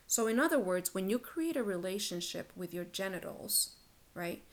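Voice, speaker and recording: A woman's voice: mid-range voice, fairly bright tone. A woman hosting a solo relationship podcast, talking in a blunt, casual, profane and emphatic way. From Latin American heritage. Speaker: podcast host, relationship coach.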